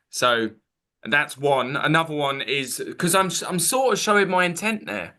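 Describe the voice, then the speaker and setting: Bright-voiced male dating coach. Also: mid-range voice, expressive, normal speed. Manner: demonstrates pickup openers, acting out both sides. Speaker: dating coach, panel host. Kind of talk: casual panel chat.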